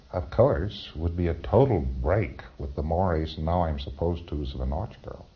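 A man's voice: low voice, dull audio, a little hiss or hum. A man giving a recorded training lecture in a wry, conversational way, acting out little exchanges and chuckling at his own points.

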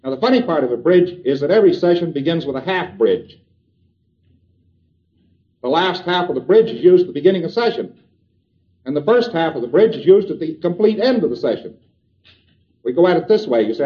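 A man lectures in a somewhat high voice, working through each point deliberately. He quotes exchanges to illustrate them. The recording is dull and lo-fi, like old tape. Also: lively intonation. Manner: deliberate, step-by-step explaining with quoted dialogue.

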